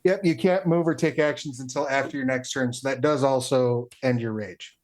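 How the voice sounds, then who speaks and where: Male game master, mid-pitched, quick to laugh, halting with ums. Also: a little mellow. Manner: laughs often, hesitant fillers. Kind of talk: running a tabletop game.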